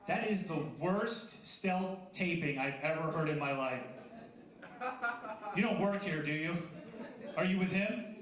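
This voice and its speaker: A man's voice: fairly high pitch, unhurried, long pauses. A man in his thirties doing a chatty, self-deprecating stand-up comedy set, bantering with the crowd. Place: coffee house stage with a live audience. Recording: echoey room with audible crowd.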